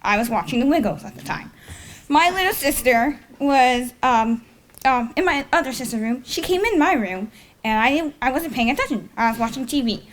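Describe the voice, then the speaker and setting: A woman's voice: high voice, animated, normal speed. A young woman telling a personal story on stage at a live storytelling event, rambling and correcting herself and chuckling at her own tale. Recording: faint noise, live event.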